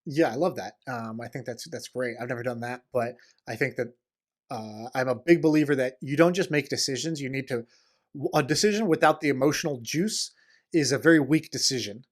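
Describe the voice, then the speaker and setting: A man in a casual podcast interview, talking fast and eagerly with many fillers and restarts. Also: medium pitch. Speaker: podcast guest, entrepreneur.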